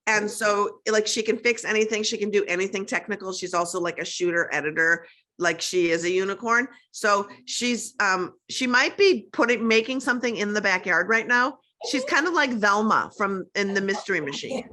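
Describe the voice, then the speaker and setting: A woman from Minnesota with a Minnesotan accent, chatting animatedly as a guest on a video call, full of "like". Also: medium pitch. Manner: animated, quick, peppered with "like". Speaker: guest, comedian and activist. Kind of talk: casual video-call chat.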